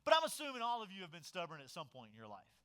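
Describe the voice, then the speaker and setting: A man delivers a sermon as a pastor, his voice bright and slightly high for a man. He tells stories with animated swings, pushing up loud for emphasis and dropping low and quiet for asides. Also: very fast, clear, resonant tone.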